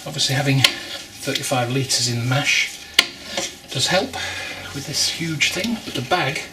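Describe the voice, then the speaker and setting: Clattering and loud background noise surround a man casually explaining his home brewing as he goes, tossing in wry remarks and straining a little as he stirs. He speaks at a medium pitch in an unhurried way, like how-to vlog narration.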